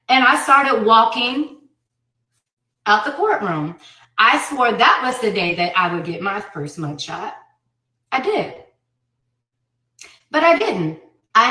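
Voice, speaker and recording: Woman ranting about her own story, emphatic and cursing; bright tone, recorded from a distance with room echo. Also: medium pitch. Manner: blunt, profane, emphatic. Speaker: mother telling her custody story. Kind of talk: impassioned personal rant. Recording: roomy sound, distant from mic.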